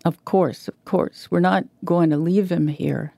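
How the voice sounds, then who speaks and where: A woman reading the lines of a gruff middle-aged male contractor who talks bluntly and shouts. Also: lowish voice, steady tone, measured pace, no room sound. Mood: urgent.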